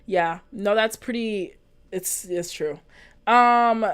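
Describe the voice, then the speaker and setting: An American young woman vlogger with a clear, resonant, mid-range voice talks slowly and earnestly to her viewers, casually chatting while reading and answering live comments. She rambles with plenty of fillers and restarts.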